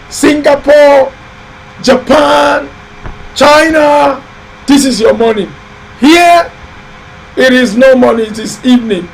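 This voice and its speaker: A very high-pitched man talks loudly and emphatically, hosting a live building-advice stream. He repeats himself and exhorts his viewers like a preacher. A faint hiss runs under the recording. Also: poor audio. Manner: loud, emphatic, exhorting and repetitive. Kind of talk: live-stream motivational talk.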